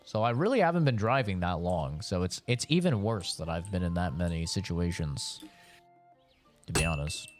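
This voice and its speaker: A man's voice: sits low, expressive, normal speed, music in the background. Guy on a game stream telling car crash stories, voice bouncing all over, laid back and rambling. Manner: loose storytelling with swearing and laughter. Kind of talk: casual chat while gaming.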